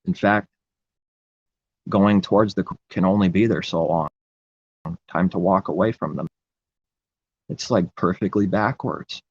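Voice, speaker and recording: A man's voice: sits low, unhurried, pauses often, darkish tone, slightly rough, no room sound, dull audio. A man preaching in an impassioned, rambling religious monologue, repeating his phrases.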